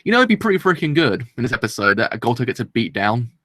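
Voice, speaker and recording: A man's voice: mid-range voice, big pitch swings, quick pace, fairly bright tone, no echo, studio quality. A man hosting a live anime reaction, talking in a rambling, chatty and self-deprecating way and laughing often.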